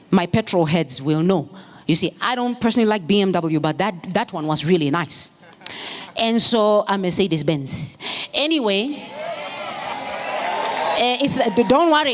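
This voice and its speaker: A woman preaching a sermon in church, moving from storytelling into fervent, shouted exhortation. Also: mid-range voice. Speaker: pastor's wife preaching.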